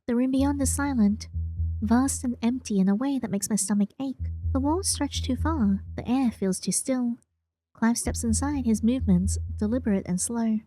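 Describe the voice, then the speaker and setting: A woman's voice: on the high side, low-quality recording. Woman reading a game story aloud. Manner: expressive, reacts aloud to the story. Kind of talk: first-person story narration with asides.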